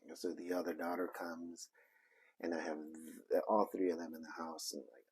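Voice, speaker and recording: A man casually telling a story from his reselling business, rambling and halting with many fillers and restarts. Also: low voice, little pitch movement, slightly rough. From Arizona, United States.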